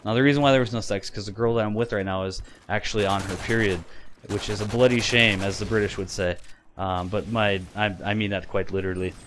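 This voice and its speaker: A man's voice: on the low side, steady tone, fast, background noise. Rambling, filler-heavy young man. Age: 20s. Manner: rambling, many fillers and restarts, laughs often. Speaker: gaming YouTuber. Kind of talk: casual vlog talk over gameplay.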